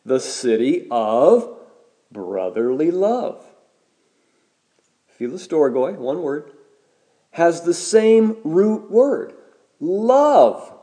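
A male pastor delivering a sermon with a mellow, warm tone. His pitch sits a little high and moves a lot, rising and falling as he makes his points. He preaches in a measured way and slows right down on the words he wants to land. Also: sing-song.

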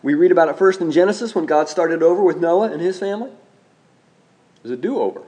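A man preaching a sermon, speaking in a measured way, slowing down and repeating key phrases for emphasis. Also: high-pitched, darkish tone.

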